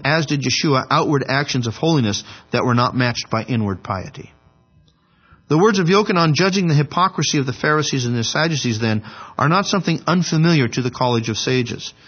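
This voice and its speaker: A man teaching a Bible lesson. He reads a commentary aloud in a measured, scholarly way and breaks off for off-the-cuff asides. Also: mid-range voice, husky, lo-fi sound.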